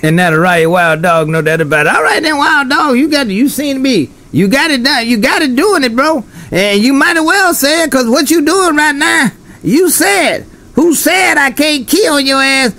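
A man's voice: extremely high pitch, lively intonation, normal speed, hardly any pauses, bright, forceful tone. A man on CB radio, chatting in a folksy, repetitive way and calling the other driver by his handle over and over. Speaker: CB radio operator.

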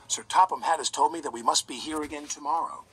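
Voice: mid-range voice, quick pace, noisy background, lightly acted. A narrator voicing a kindly, encouraging male engine driver. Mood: gentle. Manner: encouraging, firm. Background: music.

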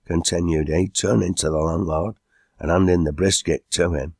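Gravelly low male narrator. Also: fairly even intonation, moderate pace, darkish tone, no room sound, clean studio sound. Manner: reads character lines in broad dialect. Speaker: audiobook narrator. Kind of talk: scripted narration of a dialect story.

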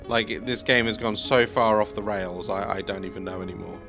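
A man's voice: on the low side, steady tone, moderate pace, vocal fry, music in the background. A man giving let's play commentary on a video game, chatty and bemused, thinking aloud as he plays. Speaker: gaming YouTuber.

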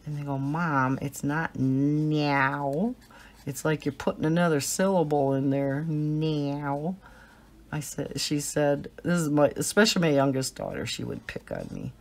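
A woman's voice: low-pitched, sing-song, normal speed, gravelly, few pauses, a little mellow. A middle-aged American woman with a slight Southern twang and a cold, chatting and giggling as she tells stories while coloring. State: has a cold. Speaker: coloring channel host. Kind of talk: casual chat while coloring.

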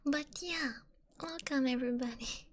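A woman with a French accent, a native French speaker, chatting as an ASMR streamer in a soft, giggly whisper with drawn-out words. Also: high-pitched, slight background noise.

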